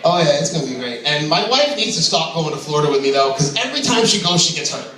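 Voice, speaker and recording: A man's voice: a little high, big pitch swings, fast, pushed and bright, slight background noise. A man doing open mic stand-up, crude and brash, laughing at his own jokes. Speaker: stand-up comedian. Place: comedy club stage. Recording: echoey room from far off.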